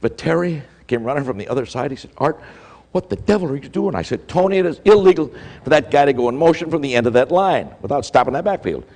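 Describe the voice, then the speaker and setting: An older male keynote speaker tells a story with lively, acted-out dialogue. His voice sits at a middle pitch, and a long reverb trails behind it in a large hall. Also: quick pace. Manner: animated storyteller acting out quoted exchanges. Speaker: motivational speaker. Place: large hall before a live audience.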